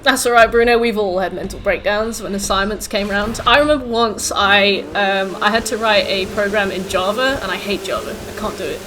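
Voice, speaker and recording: A young woman streaming a game and chatting with her viewers in a loose, rambling way. Her talk is full of "like" and "um", and her pitch sits in an ordinary middle range. A faint hiss of noise runs behind her voice. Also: brisk, hardly any pauses, a bit bright. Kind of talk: casual chat with viewers while gaming.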